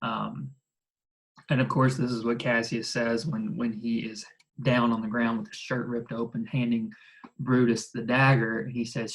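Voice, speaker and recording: A teacher giving a casual, animated recorded lecture, leaning on "like" and tossing in exasperated asides. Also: medium pitch, normal speed, poor audio. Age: adult. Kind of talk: recorded lecture explaining a play.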